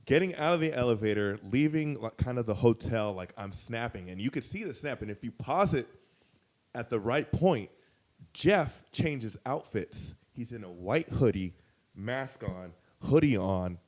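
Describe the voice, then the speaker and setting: Man telling a rowdy story. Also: measured pace. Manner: animated, profane, jumps to high loud pitch when quoting others. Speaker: guest storyteller. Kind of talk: casual storytelling.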